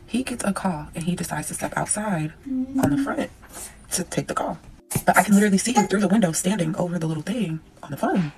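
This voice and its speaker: A young woman casually telling a dramatic personal story to her viewers, animated, swearing, calling them y'all. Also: on the low side, fairly quick, slight background noise, low-quality recording. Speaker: storyteller vlogger.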